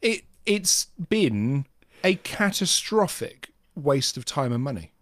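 A man co-hosting a casual podcast, chatting in a self-mocking, animated way. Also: fairly high pitch, slow, no room sound, studio quality. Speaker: podcast co-host.

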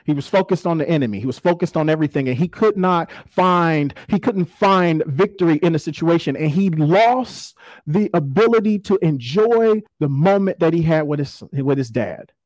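A man's voice: fairly high pitch, expressive, normal speed, a little mellow, dry recording, rough recording. A man, preaching a sermon in a folksy, conversational storytelling way. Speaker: pastor.

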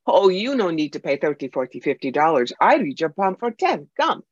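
A woman's voice: low-pitched, sing-song, brisk, slightly rough, dry recording, exaggerated voice. A woman voicing a greedy fake fortune-teller woman in a bad put-on foreign accent and broken English. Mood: wheedling. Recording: dull lo-fi sound.

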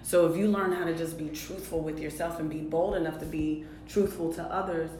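Lower-voiced woman in an echoey room. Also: fairly quick, slight background noise. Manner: animated, playful banter. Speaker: relationship coach and author. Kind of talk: casual podcast chat.

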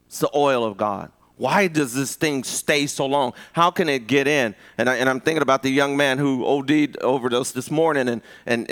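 A man preaching a live sermon, conversational and full of restarts, rising to high emphatic peaks. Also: fairly bright tone. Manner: conversational with repeated restarts and rhetorical asks. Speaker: pastor.

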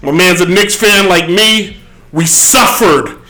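A man's voice: sits high, slow pace, bright, forceful tone. A man from the Bronx, hosting a podcast in a laid-back, joking way with streetwise slang. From the Bronx, New York. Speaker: podcast host. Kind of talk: casual podcast chat.

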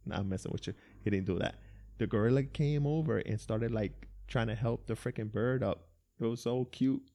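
A man's voice: medium pitch, moderate pace, vocal fry, mellow. A man telling a story in casual chat, laughing and acting out what people said. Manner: laughing storyteller, acts out quotes with swearing.

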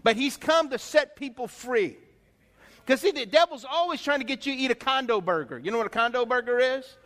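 A man's voice: extremely high pitch, expressive, brisk, a bit bright. A male pastor preaching a sermon, emphatic, peppering the congregation with rhetorical questions. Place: church sanctuary. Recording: long reverb in a church hall.

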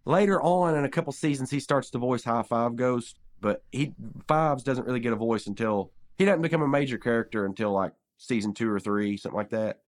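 A man hosting a casual podcast, recapping a cartoon episode in an animated way and acting out characters' lines in quick bursts. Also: mid-range voice. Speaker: podcast host.

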